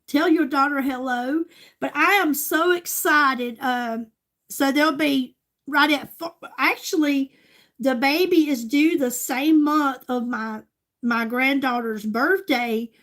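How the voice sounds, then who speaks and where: A woman's voice: sits high, slow pace, fairly bright tone. An older woman, a grandmother chatting casually with her livestream viewers in a gushing way. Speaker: livestream host.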